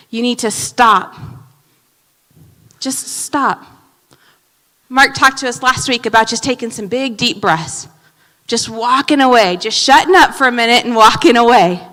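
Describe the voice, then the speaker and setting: A woman pastor preaches with a high, bright voice. She swings from loud, punchy emphasis to hushed asides. The sound carries a long reverb from a church sanctuary. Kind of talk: sermon.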